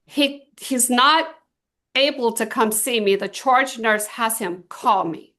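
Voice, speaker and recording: A middle-aged woman with a fairly high voice leads a small group through a motivational talk. She tells personal stories and stretches out the words she stresses. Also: pushed and bright. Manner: emphatic, storytelling, drawn-out stresses. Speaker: team trainer.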